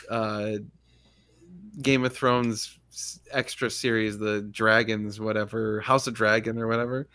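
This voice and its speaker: A man's voice: on the low side, steady tone, a little slow, bright, forceful tone. A man hosting a casual livestream chat, talking in a laid-back, rambling way and laughing often. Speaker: podcast host.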